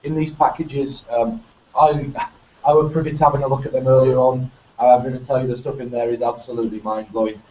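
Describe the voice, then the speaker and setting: A man's voice: medium pitch, level tone, fast, mellow. A man with a Northern English accent hosting a casual panel chat. He talks enthusiastically and rambles, with frequent restarts. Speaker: host. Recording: echoey, distant, muffled with faint noise.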